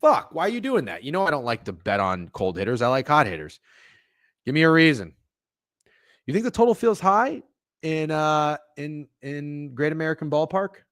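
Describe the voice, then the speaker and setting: A young man hosting a live sports betting stream, chatting with viewers in a profane, animated way. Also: a little high, moderate pace, no room sound, studio quality. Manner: animated, swearing, talks to chat. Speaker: sports betting show host.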